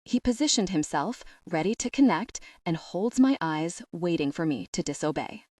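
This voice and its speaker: A woman narrating a first-person romance audiobook in a soft, intimate, measured read. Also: on the low side, animated, dry recording, studio quality.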